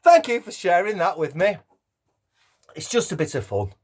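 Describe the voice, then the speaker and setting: A man's voice: high-pitched, huge pitch swings, normal speed. A man in his fifties, a singer and busker chatting casually between songs at a home lockdown gig, rambling and self-deprecating with cheeky swearing. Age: 50s. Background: guitar.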